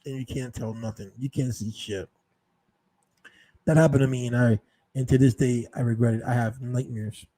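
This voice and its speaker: A man's voice: medium pitch, steady tone, moderate pace, dark tone, poor audio. A man telling a rambling, profane story in a casual monologue, full of restarts and repeated words. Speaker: show host telling stories.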